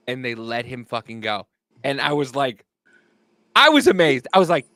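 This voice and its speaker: A man co-hosting a casual chat, telling a story in an animated, swearing way and acting out angry quotes. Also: medium pitch, moderate pace, long pauses, no echo. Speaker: podcast co-host.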